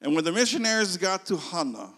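Man preaching in a church hall, lively, slightly high voice, long echo. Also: brisk. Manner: animated storyteller, swings from loud to hushed. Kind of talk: storytelling sermon.

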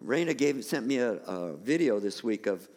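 Animated preaching man in a church. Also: fairly low pitch, normal speed, long reverb tail. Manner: animated preaching with rising emphatic peaks. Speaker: pastor. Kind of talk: sermon. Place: church sanctuary.

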